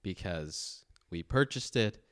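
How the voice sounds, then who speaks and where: Man, podcast co-host, very low voice, smooth and dry, brief supportive chat. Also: animated, slow pace, no echo. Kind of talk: casual chat.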